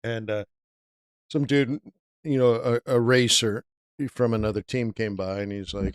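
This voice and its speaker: A man's voice: on the low side, steady tone, normal speed, clean tone, dry recording, clean studio sound. A middle-aged man hosting a trading livestream, telling a long story in a laid-back, rambling way with lots of "dude" and "right?". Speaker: forex trading livestream host.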